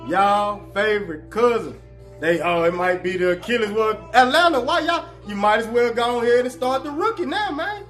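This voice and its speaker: A man hosting a casual sports talk show, animated and joking, full of slang. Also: high voice, normal speed, faint music behind.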